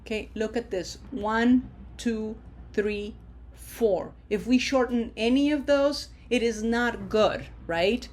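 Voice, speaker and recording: Woman teacher going real slow thru a lesson, drawn out words, then little quick asides, middle aged. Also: a little high, darkish tone. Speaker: language teacher. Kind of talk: spoken language lesson.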